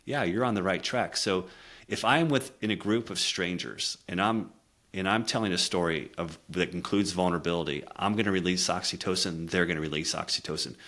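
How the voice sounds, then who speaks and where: This middle-aged man, a communication coach, speaks fairly quickly in a low-pitched voice while recounting a candid personal story. He is sincere and reflective, and his voice falls quiet at emotional moments.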